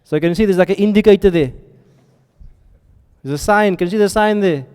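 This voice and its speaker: A man's voice: high voice, a little fast, darkish tone, clear, resonant tone. A man teaching a classroom lesson, often stopping to ask his students questions and check they are following. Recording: reverberant hall sound.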